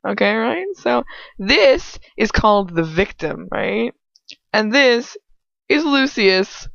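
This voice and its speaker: A woman's voice: mid-range voice, sing-song, slow, creaky, fairly bright tone, dry recording, muffled recording. A woman reading fan fiction aloud in a casual, playful way, breaking off with goofy asides. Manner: goofy, playful, giggly interjections. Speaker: audiobook reader of fan fiction.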